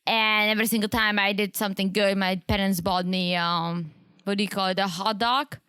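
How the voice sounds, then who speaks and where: A woman's voice: mid-range voice, fairly even intonation, brisk, sharp tone, clean tone, no echo, clean studio sound. A young woman, co-hosting a casual podcast chat, restarting her sentences and laughing often. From Czech Republic. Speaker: podcast co-host.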